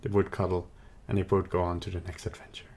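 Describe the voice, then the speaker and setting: A man hosting a casual live stream, rambling in a relaxed way with many fillers. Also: low voice, fast.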